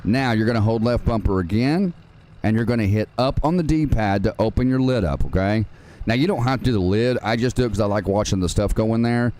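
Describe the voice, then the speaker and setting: A gaming livestreamer with a fairly low, slightly mellow voice talks fairly quickly and with lively intonation. He's giving a casual tutorial on a farming game's controls, chatting with viewers and addressing them as "man" and "dude."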